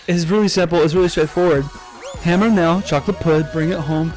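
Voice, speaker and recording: Young man, gaming banter, mock-serious, goofy, slightly high voice, faint game music behind. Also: expressive, slow, long pauses. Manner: playful, mock-serious, spins absurd sayings. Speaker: co-host. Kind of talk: casual gameplay banter.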